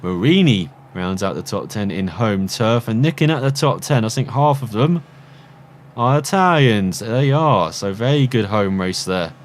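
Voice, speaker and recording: Male gaming commentator, mid-pitched, casual race-call style, faint background hum. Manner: excited commentary on the race, then relaxed rambling results rundown. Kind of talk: mock race commentary over gameplay.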